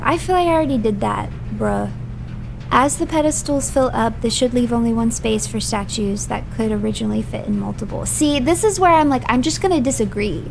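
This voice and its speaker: A woman with a gravelly, higher-pitched voice streams a game live as a virtual streamer, reading hints aloud before launching into playful, mock-outraged rants and repeating phrases for comic effect. Background noise is present.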